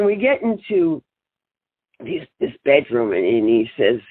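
An older woman with a husky, slightly high voice tells a story with lots of animation. Her pitch swings widely as she acts out what everyone said. The sound is tinny and dry, like a phone call. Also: takes it slowly, no echo. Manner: animated, laughs often, acts out quotes. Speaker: interview guest, singer. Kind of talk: casual storytelling.

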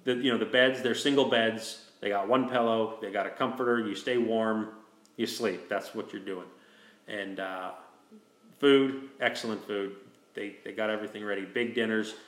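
Male host, low-leaning voice, easygoing rambling storyteller, recorded in a reverberant room. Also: fairly even intonation, moderate pace, a bit bright. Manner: rambling, with many restarts and "you know". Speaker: host telling a hunting story. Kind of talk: casual storytelling chat.

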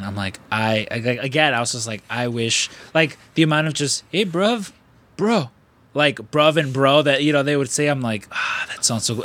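A man's voice: mid-range voice, pushed and bright. An American man in his thirties from the Chicago area, chatting casually as a podcast host in a rambling, enthusiastic way. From Chicago area, USA. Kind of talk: casual chat.

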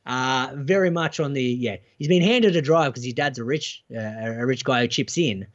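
A man's voice: medium pitch, moderate pace, dull audio. A man, co-hosting a podcast in casual chat, joking and often restarting his sentences. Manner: animated, joking, restarts a lot. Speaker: podcast co-host.

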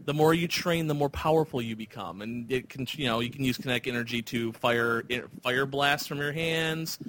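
A man's voice: medium pitch, normal speed, fairly bright tone, a little hiss or hum. A man hosting a casual podcast chat, talking with enthusiasm and rambling through restarts. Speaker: podcast host.

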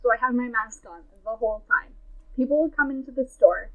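A young adult woman in a casual chat, telling a story. Her voice sits a little high. She talks in a quick, chatty way, full of "like.". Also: phone-quality sound. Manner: chatty, fast, many "like" fillers.

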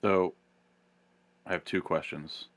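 Man, very low voice, joking tabletop player, laughs easily. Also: steady tone, slow, fairly bright tone. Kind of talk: tabletop role-play chat.

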